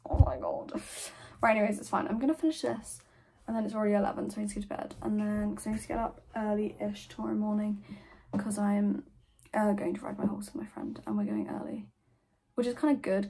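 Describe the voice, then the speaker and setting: A woman's voice: medium pitch, a little mellow, slightly rough, rough recording. A teenage girl vlogging at home in casual chat, gushing and dramatic, swearing freely.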